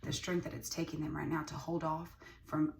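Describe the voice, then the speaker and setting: A woman's voice: deep voice, level tone, fairly quick, creaky. A woman giving a casual tarot reading, who is emphatic, repeats lines and swears freely. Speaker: tarot reader. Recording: distant mic with ambient noise.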